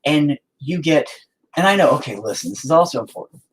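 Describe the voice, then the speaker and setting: Profane, rambling man with lively pitch. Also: brisk, slight background noise. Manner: rambling, heavily profane, frank. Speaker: musician streaming to chat. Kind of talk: casual confessional livestream monologue.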